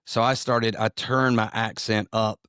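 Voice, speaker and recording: A man's voice: lowish voice, little pitch movement, a little slow, a bit bright, clear, resonant tone, no room sound, studio quality. A middle-aged man with a Southern US drawl, a comedian and pastor who tells rambling, self-deprecating stories in conversation. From American South. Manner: rambling, self-deprecating storyteller with many restarts. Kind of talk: interview conversation.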